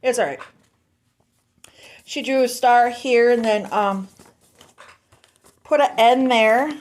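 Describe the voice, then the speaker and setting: A woman's voice: a little high, takes it slowly. A woman hosting a casual vlog, chatting while opening fan mail and gushing with sentimental thanks. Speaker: vlog host.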